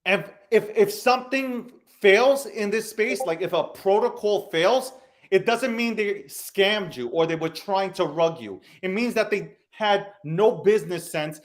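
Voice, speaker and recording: Speaking at a measured pace in a high register, a man hosting a podcast delivers an enraged crypto rant. He curses throughout and leans on repetition to hammer his points.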